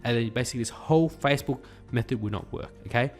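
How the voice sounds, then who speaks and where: A quick, chatty man walks through an online marketing lesson in a loose, conversational way. His pitch sits in an ordinary middle range, and faint music plays behind him. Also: a little mellow. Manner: chatty, acts out bar small talk. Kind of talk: casual tutorial talk.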